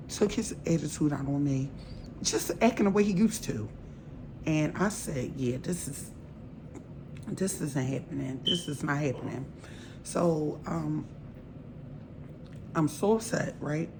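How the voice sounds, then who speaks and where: A woman's voice: deep voice, noisy background. A woman in casual storytime vlog style, animatedly acting out both sides of an argument. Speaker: storytime vlogger.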